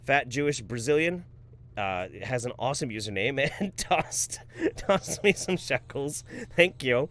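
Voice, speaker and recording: A man in his thirties hosting a live stream, reading viewer donations in a relaxed, profane, jokey way. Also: medium pitch, unhurried. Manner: laid-back, swears freely, laughs often. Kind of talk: casual live-stream commentary.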